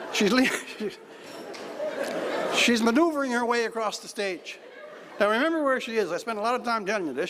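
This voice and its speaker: Wry high-voiced man in a reverberant hall. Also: noisy background. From Newfoundland, Canada. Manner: wry storytelling with dry jokes. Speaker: keynote speaker. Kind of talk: after-dinner speech. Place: large banquet hall. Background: audience laughter.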